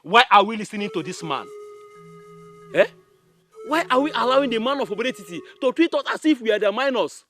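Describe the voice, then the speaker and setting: A man's voice: very high voice, expressive, quick pace, long pauses, a bit bright, faint music behind. A man playing a proud, hostile village chief who mocks and challenges his visitor. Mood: scornful. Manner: scornful, mocking.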